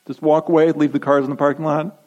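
A man's voice: on the high side, flat delivery, fast talker, a little mellow, dull audio. Man preaching with emphatic repetition. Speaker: pastor. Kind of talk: sermon.

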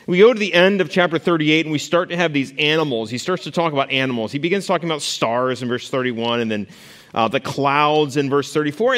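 A man's voice: mid-range voice, fairly bright tone. A man leads a Bible study lesson in a casual, conversational way, stumbling through restarts and fillers and throwing questions out to his listeners. His voice rings with the long reverb of a hall, and he sometimes drifts off the mic as he walks around the room. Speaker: Bible teacher. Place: classroom or church hall with a board. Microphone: stationary mic he moves away from while walking.

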